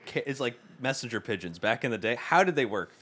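A man's voice: medium pitch, lively intonation, quick pace, fairly bright tone. A man musing aloud in goofy wonder during a casual group chat.

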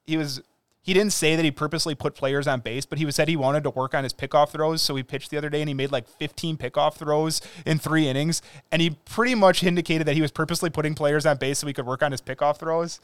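Podcast co-host, male, fast and opinionated, crisp dry sound. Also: a little high, dry recording. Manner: quick, opinionated, animated storytelling. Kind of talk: casual sports chat.

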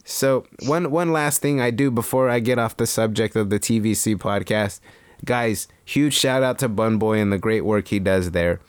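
A man hosting a podcast in casual chat, enthusiastic and full of shout-outs, on a close mic. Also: lowish voice, moderate pace, smooth, no room sound. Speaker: podcast host.

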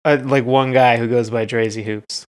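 A man's voice: mid-range voice, steady tone, moderate pace, no echo, clean studio sound. A man co-hosting a music review podcast, talking casually and searching for words as he goes. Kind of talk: casual chat.

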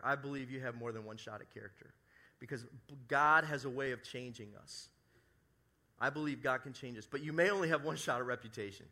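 Bright-voiced male pastor preaching. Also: medium pitch. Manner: animated, shifts between loud emphasis and soft hushed asides; acts out quoted apologies in his own voice. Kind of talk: sermon. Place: church service.

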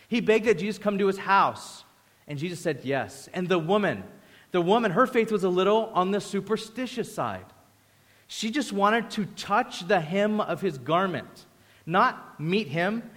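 Male pastor, casual preaching voice, acts out quotes; high-pitched, big reverberant hall. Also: fairly bright tone. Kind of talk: sermon.

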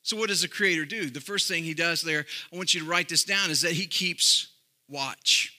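A man's voice: a little high, normal speed, sharp tone. A middle-aged male pastor preaching a sermon, with emphatic, sung-out phrases that rise and fall.

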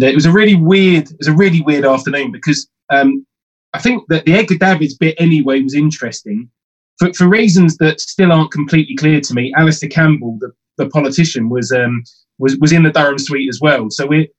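A man's voice: on the high side, fairly quick, muffled recording. Rambling male podcast host. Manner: rambling, hesitant with fillers. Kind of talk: casual chat.

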